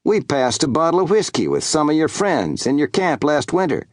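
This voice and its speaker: Young uneasy trapper, hushed and nervous, a touch higher, narrator puts him on. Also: male voice, sing-song, moderate pace, no echo, clean studio sound. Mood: friendly. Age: young adult.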